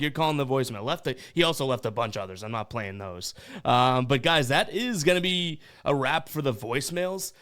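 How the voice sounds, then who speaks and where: An animated Boston man hosts a podcast, his mid-range voice slightly bright and moderately paced. He reacts to voicemails in a casual, chatty way, laughing frequently and stumbling over his words.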